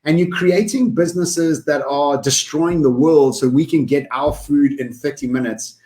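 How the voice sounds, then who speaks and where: Energetic man co-hosting a podcast. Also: fairly high pitch, moderate pace. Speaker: podcast co-host. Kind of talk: casual podcast conversation.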